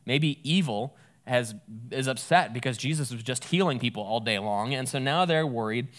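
A man's voice: mid-range voice, normal speed, fairly bright tone. A man giving a casual, conversational Bible teaching, thinking aloud and correcting himself as he goes.

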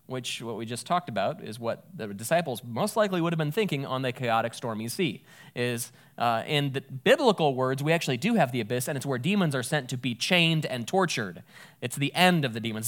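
A man's voice: mid-range voice, lively intonation, fairly quick, a bit bright. A man giving a casual, conversational Bible teaching, thinking aloud and correcting himself as he goes.

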